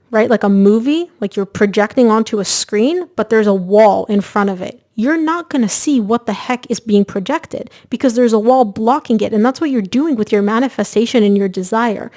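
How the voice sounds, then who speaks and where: Chatty tarot lady, kinda high voice, talking right to her viewers. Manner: chatty, energetic, addresses viewers directly. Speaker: tarot reader. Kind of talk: casual tarot reading to camera.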